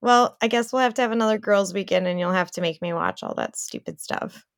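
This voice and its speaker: A woman's voice: mid-range voice, a little fast, dry recording. Teasing woman podcast co-host. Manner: teasing, laughs often. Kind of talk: casual chat.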